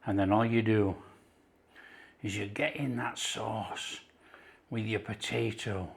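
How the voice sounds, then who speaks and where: Middle-aged Yorkshire man, cooking channel host, slow relaxed delivery, keen and full of praise. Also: fairly low pitch, vocal fry. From Yorkshire, England. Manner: enthusiastic, unhurried, calls things superb. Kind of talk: casual cooking video.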